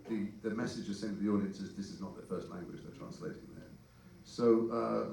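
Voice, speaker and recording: A man speaks quickly and thoughtfully from a panel stage, explaining his craft to an audience. His voice sits a little low. The sound is echoey and distant, picked up in a large event hall. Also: creaky, mellow, a little hiss or hum. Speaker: voice actor on a film panel. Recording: echoey hall, mic heard from afar.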